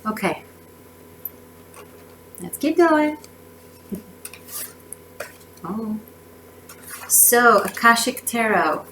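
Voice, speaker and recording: A woman's voice: on the high side, very animated, very slow, pauses often, pushed and bright, a little hiss or hum, low-quality recording. Effusive woman doing a tarot reading. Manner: effusive, emotional, with many restarts and laughs. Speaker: tarot reader.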